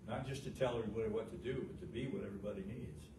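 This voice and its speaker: A middle-aged man preaching a folksy, fervent sermon as pastor, swinging from loud, high peaks down to a low, quiet voice, with frequent "uh" fillers. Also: racing, recorded from a distance. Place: church sanctuary. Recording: roomy church sound from off the mic, noisy.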